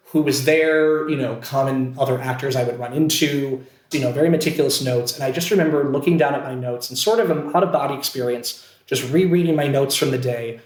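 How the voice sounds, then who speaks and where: A man from Pennsylvania, a podcast guest and actor, telling a story casually with lots of fillers and self-deprecating asides. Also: mid-range voice. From Scranton, Pennsylvania, USA. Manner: chatty and self-deprecating, many fillers and restarts. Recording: roomy, echoey sound.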